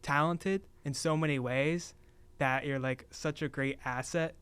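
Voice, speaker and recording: A young adult man hosting a casual podcast interview, relaxed and encouraging toward his guest. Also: fairly high pitch, unhurried, smooth, no room sound. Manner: relaxed, encouraging, with frequent murmured agreement. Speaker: podcast host.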